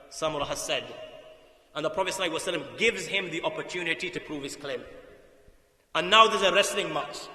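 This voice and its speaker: A man preaching a sermon to young listeners, telling stories with passion, swinging from loud bursts to quiet drops. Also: on the high side. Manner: impassioned, emphatic storytelling with sudden loud bursts and quiet drops. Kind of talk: sermon storytelling to youth. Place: mosque hall. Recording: echoey mosque hall.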